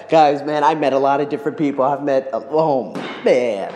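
A man's voice: on the high side, sing-song, a little fast, hardly any pauses, darkish tone, a little hiss or hum. A man hosting his own podcast, talking in an effusive, exclamatory vlog monologue. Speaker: podcast host. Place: living in Bangkok. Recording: roomy echo with long reverb.

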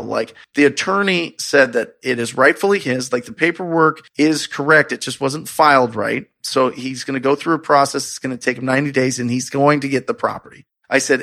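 Gravelly, bright-toned expressive man storyteller. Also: medium pitch. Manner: expressive, acts out his own excited reactions. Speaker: real estate investor telling his story. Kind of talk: casual storytelling.

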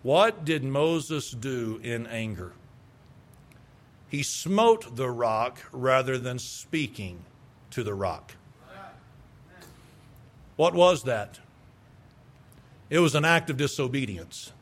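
A man's voice: mid-range voice, animated, slow pace, pauses often. A man preaching a sermon, reading scripture aloud and asking his congregation rhetorical questions. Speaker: pastor.

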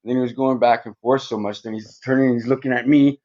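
A man's voice: medium pitch, fairly even intonation, fast, a little mellow. Rambling, profane man on a muffled recording. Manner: rambling, heavy swearing, frequent "right?" tags. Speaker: podcast guest. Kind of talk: casual storytelling interview.

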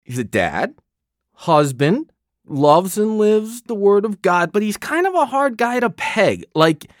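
A man in his fifties co-hosting a podcast, telling stories in an animated, jokey way. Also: high-pitched, measured pace, no room sound, studio quality. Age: 50s. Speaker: podcast co-host. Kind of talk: casual chat.

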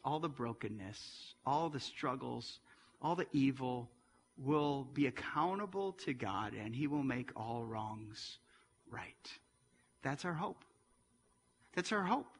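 A man in his forties preaching a sermon as pastor, earnest and rising to near-shouts at emotional moments. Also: mid-range voice, in a large hall, a little hiss or hum. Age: 40s.

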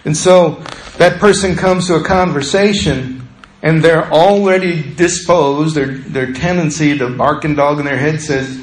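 A man's voice: on the high side, normal speed, echoey room, low-quality recording. A male pastor preaching a sermon in a conversational way, acting out the voices he quotes.

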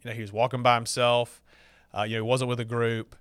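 A man's voice: mid-range voice, little pitch movement, fast talker, a bit bright, dry recording. Southern man telling a story, dry sound. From Alabama, US. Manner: chatty, with frequent fillers and restarts. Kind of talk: casual storytelling.

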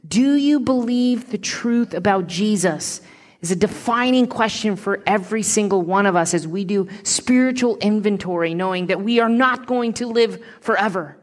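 A woman pastor preaching a sermon in an earnest, emphatic way, slowing on key words and sometimes dropping to a hushed whisper. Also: medium pitch.

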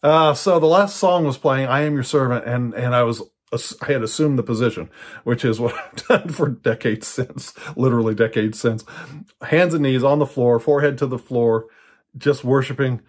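In a mid-range, darkish voice at normal speed, an older preacher shares a personal teaching talk. He tells it like a casual story, loosely, restarting often and filling gaps with filler words.

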